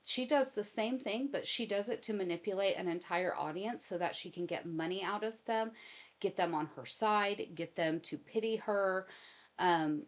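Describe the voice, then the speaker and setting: A woman hosting casual commentary with a voice of ordinary middle pitch. She talks in an opinionated way and drifts into long personal anecdotes. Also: moderate pace. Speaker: commentary host.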